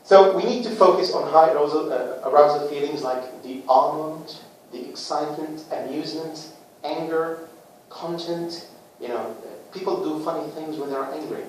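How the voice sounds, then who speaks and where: A man presenting a book to a small group in a casual talk, with lively rhetorical questions and acted-out little scenes. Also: on the high side, moderate pace, few pauses. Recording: echoey room, far from the mic, faint noise.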